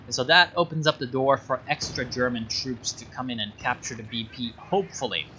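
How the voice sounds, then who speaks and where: A man's voice: medium pitch, steady tone, a little fast, bright, forceful tone, muffled recording, slight background noise. A man casting a strategy game replay in a sarcastic, rambling way, full of fillers and asides. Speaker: game caster. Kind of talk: casual game commentary.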